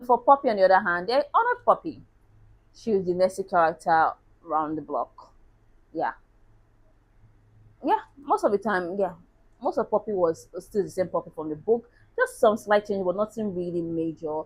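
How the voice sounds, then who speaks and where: A woman's voice: on the low side, expressive, normal speed, poor audio. A woman chatting casually as a book reviewer, laughing at herself now and then.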